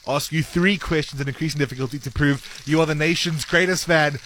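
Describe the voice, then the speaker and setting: A man hosting a radio breakfast show, running a quiz with energetic, playful banter. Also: a little high, fairly quick, slight background noise. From South Africa.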